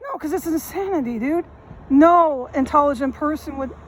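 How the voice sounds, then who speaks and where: A woman's voice: high voice, moderate pace. A woman rambling emphatically in casual slang as she walks a city street and films a vlog on her phone. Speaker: vlogger. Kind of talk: walking vlog monologue. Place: city street outdoors, walking. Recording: faint street noise outdoors. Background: street noise and passing traffic.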